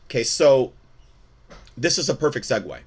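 A man's voice: mid-range voice, sing-song, normal speed, a little mellow, breathy edge. A man hosting a show, giving casual, preaching-toned Christian commentary, often repeating words and restarting sentences. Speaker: host.

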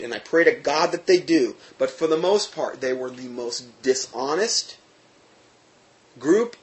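A man telling a personal testimony story in an animated, emphatic way, often restarting his sentences. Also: on the high side.

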